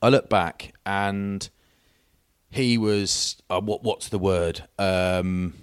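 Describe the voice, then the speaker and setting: A man in his forties chats on a podcast, rambling through self-mocking anecdotes. His voice sits a little low. The sound is dry and close to the mic. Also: fairly even intonation, extremely slow, clear, resonant tone, no room sound. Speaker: podcast co-host. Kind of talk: casual chat.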